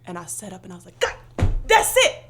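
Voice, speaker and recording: Animated woman telling a story. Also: lowish voice, racing, over music. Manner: animated storyteller, acts out quoted voices. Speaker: podcast co-host. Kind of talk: casual chat.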